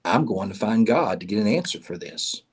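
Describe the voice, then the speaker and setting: A man's voice: on the low side, expressive, normal speed, breathy edge. A man telling a parable as a lonely, hungry traveler. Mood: earnest.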